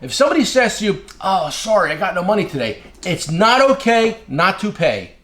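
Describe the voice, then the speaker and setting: A man's voice: high voice, very animated, a little fast, a bit bright. A man who is an independent tool dealer, giving blunt casual advice, repeating his key phrases.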